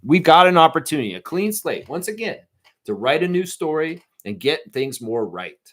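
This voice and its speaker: A man's voice: on the high side, very animated, normal speed, a bit bright. A middle-aged man hosting a live fan stream, ranting profanely and reading out chat messages.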